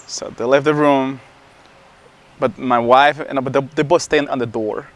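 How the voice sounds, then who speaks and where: A man answering interview questions candidly as a new father, halting and repeating words as he goes. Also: mid-range voice, steady tone.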